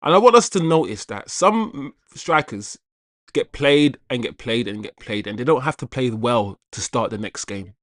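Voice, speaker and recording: A man's voice: mid-range voice, lively intonation, normal speed, a bit bright, no room sound. A man hosting a live football watch-along stream, talking casually and chattily to his viewers, repeating himself and greeting viewers by name.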